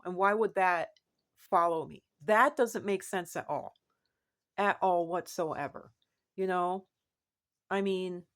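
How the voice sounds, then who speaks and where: A woman vlogger talking casually to the camera, rambling and repeating herself, with sudden animated rises in her voice. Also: mid-range voice. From United States.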